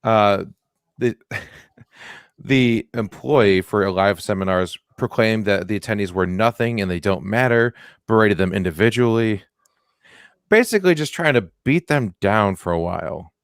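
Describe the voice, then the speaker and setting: A young man co-hosting a comedy podcast, telling stories in a joking, deadpan way and swearing freely. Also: lowish voice, measured pace, clean tone, dry recording, clean studio sound. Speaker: podcast co-host. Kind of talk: casual comedic chat.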